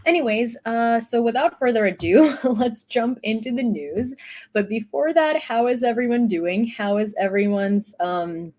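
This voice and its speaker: A woman's voice: medium pitch, a little mellow. A young woman from Ukraine, chatting loosely through a news recap with fillers and restarts. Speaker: YouTube news host. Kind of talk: casual news commentary.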